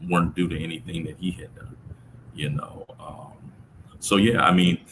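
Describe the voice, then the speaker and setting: Homem de voz muito grave e rouca, reflexivo. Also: male voice, sits low, fairly even intonation, vocal fry, fairly bright tone, a little hiss or hum, poor audio. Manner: reflective, halting, many restarts. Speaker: father telling his story. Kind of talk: conversational storytelling.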